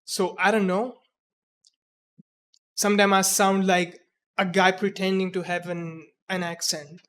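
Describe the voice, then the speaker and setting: A man in his twenties with a mixed Indian English accent, talking earnestly and haltingly in a personal reflective monologue, often restarting his words. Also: high-pitched, little pitch movement, a bit bright, a little hiss or hum. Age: 20s. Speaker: vlogger.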